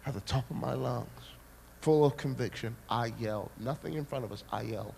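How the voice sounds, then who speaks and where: A man preaching a sermon, telling a personal story with dramatic, animated delivery. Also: mid-range voice, fast talker, creaky, slight background noise.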